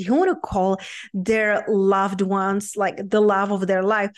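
A woman with a Czech accent hosting her own podcast as a business coach, talking in an upbeat, earnest, motivational way. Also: on the high side. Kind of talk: solo podcast talk.

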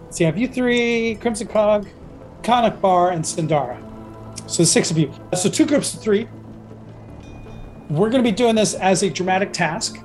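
A man's voice: sits high, darkish tone, poor audio. A man narrating as game master of a tabletop game, rambling with lots of restarts. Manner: rambling, full of fillers and restarts.

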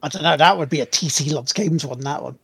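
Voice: medium pitch, fast talker, creaky, fairly bright tone, slightly rough, no room sound. A co-host of a live-streamed podcast, teasing the other host and laughing often in casual banter.

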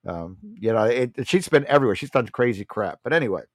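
A man's voice: mid-range voice, animated, quick pace, no echo, clean studio sound. A man hosting a political talk show, delivering a blunt, mocking monologue and often calling his listeners folks.

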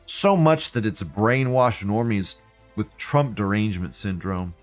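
A man's voice: on the low side, a little slow, soft background music. A man hosting a live show, reading viewer comments aloud and reacting in a blunt, profane, ranting way. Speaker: livestream host.

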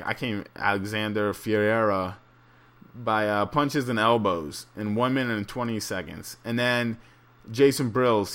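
A man's voice: medium pitch, fairly bright tone, clear, resonant tone. A man rambling through a casual, profane solo monologue with many fillers and restarts, turning incredulous and ranting at times. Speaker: solo fight commentator.

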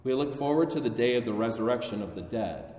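A man preaching a sermon in a church, solemn and measured, building to stronger emphasis. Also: mid-range voice, lively intonation, a little mellow, far from the mic. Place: church sanctuary. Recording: echoey hall, voice from afar.

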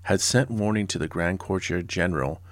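Brief: a low-voiced man in his forties, a history podcast host, blunt and sarcastic, in a dry, close recording. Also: normal speed, no room sound. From Southern California. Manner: sarcastic and blunt, with casual personal asides.

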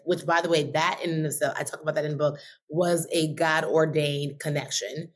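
A woman telling a personal story as an interview guest, animated, laughing often and acting out her past thoughts in quick voices. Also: on the low side.

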